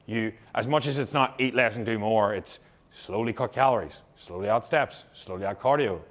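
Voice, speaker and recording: A man's voice: fairly low pitch, moderate pace. A young man, a fitness coach, giving blunt, heavily profane, emphatic advice to fellow coaches.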